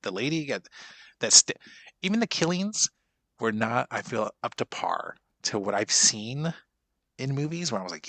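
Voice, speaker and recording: A man's voice: on the low side, lively intonation, normal speed, sharp tone, no echo. A man in his forties in a casual movie reaction chat, rambling and profane, stopping and restarting his sentences a lot. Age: 40s. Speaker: podcast co-host.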